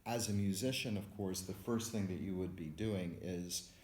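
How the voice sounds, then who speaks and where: A man teaching music theory in a recorded lecture, explaining in a patient, measured way in front of a board. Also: deep voice, darkish tone. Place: room with a board. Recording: echoey room, faint background hiss.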